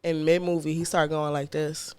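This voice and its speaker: A woman's voice: deep voice, flat delivery, normal speed, darkish tone, clean tone. A woman, co-hosting a podcast, telling a story in casual chat with blunt, profane talk. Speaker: podcast co-host.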